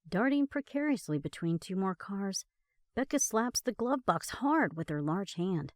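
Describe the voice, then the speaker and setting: A woman narrating a story in a slow, expressive reading. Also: medium pitch, no echo, clean studio sound.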